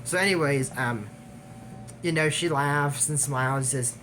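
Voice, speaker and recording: A man recapping an animated series in a casual, digressive way, trailing off with fillers and little laughs. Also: fairly high pitch, measured pace, background noise. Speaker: YouTube recap host. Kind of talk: casual rambling episode recap.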